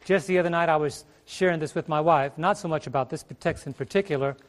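A man's voice: on the high side, fast talker. A middle-aged man preaching a sermon from a stage, emphatic, throwing rhetorical questions at the congregation and drawing out key words. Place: church stage. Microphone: stage microphone.

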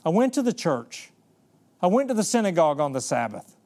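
A preacher voicing a desperate, pleading leper. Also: male voice, fairly high pitch, sing-song, fairly quick, darkish tone. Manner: pleading, weary.

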